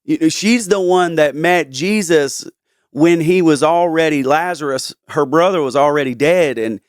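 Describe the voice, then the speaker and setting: A man hosting a podcast, talking earnestly through a Bible story in a casual chat. He is halting and often restarts his sentences. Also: a little high, dry recording, studio quality.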